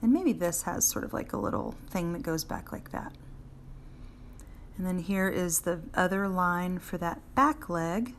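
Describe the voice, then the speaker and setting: A woman's voice: fairly low pitch, a little slow. Woman, friendly art teacher, drawing lesson on a handheld phone, light background hiss. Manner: chatty, encouraging, talks while drawing and answers viewers by name. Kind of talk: live drawing lesson for children. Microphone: phone held in hand.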